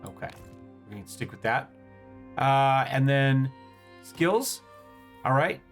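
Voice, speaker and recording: A man's voice: medium pitch, animated, takes it slowly, soft background music. A man hosting a casual let's-play, thinking aloud as he plays and often stumbling over words. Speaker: gaming channel host.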